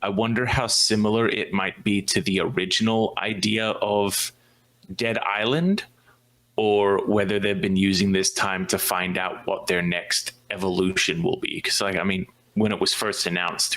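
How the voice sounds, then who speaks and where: A man with a low voice and a bright, forceful tone, talking casually on a podcast. He wanders through his ideas and ribs his co-hosts along the way. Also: little pitch movement, unhurried, low-quality recording. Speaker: podcast co-host. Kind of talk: casual chat.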